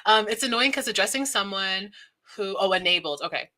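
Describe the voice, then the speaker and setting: Woman host, casual stream talk, bright voice, laughs a lot, reads chat aloud. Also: medium pitch, animated, fairly quick. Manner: chatty, laughs often, reads viewer comments aloud. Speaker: livestream host. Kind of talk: casual livestream commentary.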